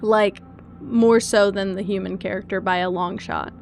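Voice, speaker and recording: A young adult woman streaming, chatting casually and gushing excitedly, swinging between loud squeals and soft teary asides. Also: medium pitch, normal speed, vocal fry, soft background music. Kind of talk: casual live-stream chat.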